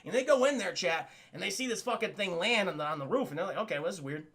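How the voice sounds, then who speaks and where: Male streamer, high voice, gravelly fry, foul-mouthed rambling commentary to chat. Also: lively intonation, fast, a bit bright. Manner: profane, rambling, keeps addressing the chat. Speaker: streamer reviewing a cartoon. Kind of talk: casual live-stream commentary.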